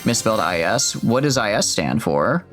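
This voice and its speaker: A man's voice: fairly low pitch, sing-song, normal speed, fairly bright tone, faint music behind. A man casually commenting on a video game as he plays, rambling, interrupting himself and reading the game's dialogue aloud. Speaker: streamer. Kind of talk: casual let's-play commentary.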